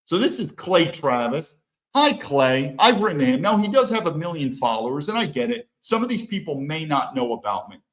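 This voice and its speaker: A man's voice: on the high side, big pitch swings, normal speed, rough recording. A man ranting on his own commentary stream, heated and profane, often restarting his sentences. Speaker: livestream commentator. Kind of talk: solo political commentary stream.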